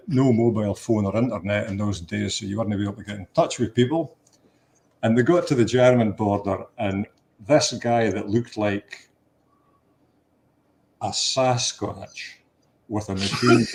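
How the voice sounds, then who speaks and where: A man's voice: fairly low pitch, vocal fry, a little mellow, slight background noise. Scottish man telling a road story. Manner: chatty anecdotes with restarts, laughing at his own punchline. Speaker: guest musician. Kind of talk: storytelling in a radio chat.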